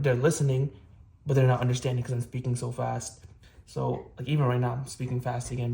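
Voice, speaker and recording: Earnest rambling young man, flat voice. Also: mid-range voice, vocal fry. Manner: rambling, earnest, many fillers and restarts. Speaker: vlogger. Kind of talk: casual self-improvement vlog.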